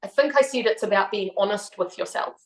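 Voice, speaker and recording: NZ woman, 30s, podcast guest; frank, thoughtful, quick to laugh; middle voice, reverberant room. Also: medium pitch. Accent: New Zealand. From New Zealand. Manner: candid and reflective, laughs often. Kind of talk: casual chat. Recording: roomy echo.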